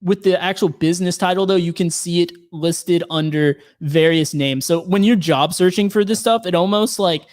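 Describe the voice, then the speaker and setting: Smooth-voiced man explaining at length. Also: sits high, normal speed, few pauses, dry recording, clean studio sound. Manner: explains at length with many fillers and restarts. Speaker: penetration tester, guest. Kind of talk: casual podcast conversation.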